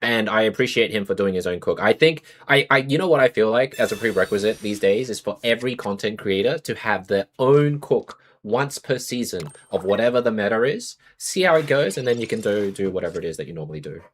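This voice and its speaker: A man's voice: lowish voice, animated, brisk, few pauses. A young Australian man streaming a card game, chatting casually with viewers and thinking aloud about his moves. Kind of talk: casual live-stream commentary while playing a card game.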